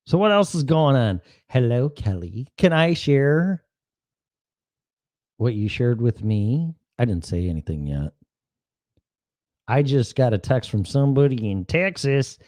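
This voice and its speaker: A man's voice: medium pitch, darkish tone, no echo. Rambling, sarcastic male podcast host. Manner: rambling, sarcastic, profane, jumps between topics. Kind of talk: casual solo livestream talk.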